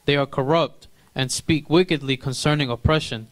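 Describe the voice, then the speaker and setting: A man reading Bible verses aloud in a measured, plain way during a study. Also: mid-range voice, soft background music. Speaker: scripture reader.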